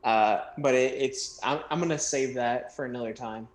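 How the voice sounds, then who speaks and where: Halting man in an echoey room. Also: mid-range voice. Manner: halting, trailing off mid-sentence. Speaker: tabletop game player. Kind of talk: casual chat about a game session.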